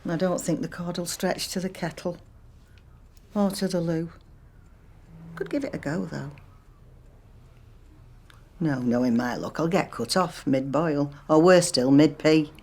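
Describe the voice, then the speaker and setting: A woman's voice: low voice, a little slow, pauses often, a little mellow, husky, full character voice. An actress playing a chatty, wry woman in her sixties, rambling to herself with dry humour while she waits on a phone call. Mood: wry musing. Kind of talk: film monologue acting.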